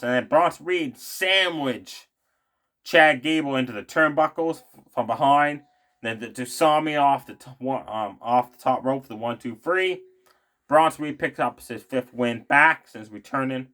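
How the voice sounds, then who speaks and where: A man talks through a wrestling recap in a loose, chatty way. His voice sits at an ordinary middle pitch. He keeps circling back with fillers and tossing in his own opinions as he goes. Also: bright, forceful tone. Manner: rambling, many fillers, opinionated asides. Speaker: wrestling show recap vlogger. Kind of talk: casual spoken recap.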